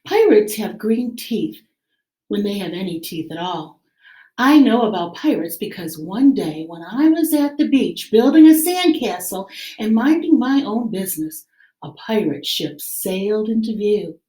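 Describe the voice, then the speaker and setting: A woman teacher reading a picture book aloud to children in an expressive, animated way. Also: medium pitch, unhurried, echoey room. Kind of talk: read-aloud story time for children.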